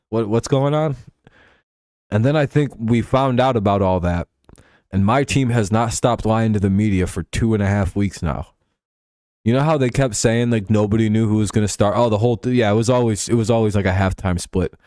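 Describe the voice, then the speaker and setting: Profane, rambling sports-show host, low voice. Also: male voice, dark tone, no room sound. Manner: profane, rambling, laughs often. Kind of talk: casual sports commentary.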